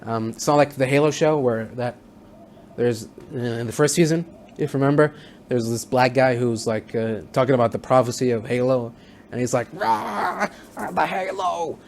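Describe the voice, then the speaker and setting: A man giving a casual spoken review of a TV series, rambling with many fillers and restarts, sometimes acting out lines in quick voices. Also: medium pitch, fairly even intonation, darkish tone, a little hiss or hum. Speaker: show reviewer.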